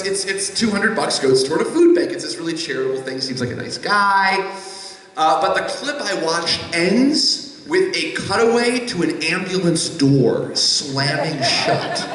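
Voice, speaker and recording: A man telling a personal story live on stage, animated and rambling, with a self-mocking streak. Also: sits high. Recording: echoey live hall.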